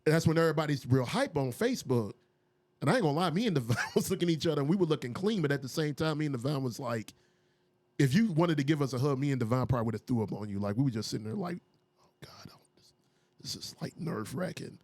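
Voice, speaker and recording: A man who is a music producer and DJ tells stories casually in an interview, speaking at a racing pace with no echo. He's animated, acting out what people said by raising his pitch for the quotes.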